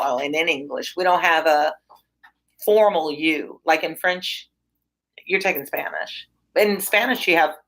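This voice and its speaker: A woman tutor reading a play aloud and explaining it casually, with lively high-pitched asides. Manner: casual and animated, jumps into high excited asides.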